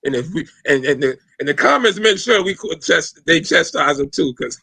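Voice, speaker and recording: A man's voice: fairly high pitch, lively intonation, normal speed, gravelly, bright, forceful tone, breathy edge, no room sound. A man hosting a casual podcast, talking loosely in slang with lots of fillers and swearing. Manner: loose, rambling, profane slang with many fillers. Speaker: podcast host.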